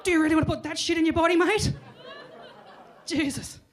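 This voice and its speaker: A man's voice: very high-pitched, steady tone, fairly quick, a faint crowd, pitched above the performer's own voice. A woman voicing a brash, swearing young male shopper, blunt and scornful. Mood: incredulous.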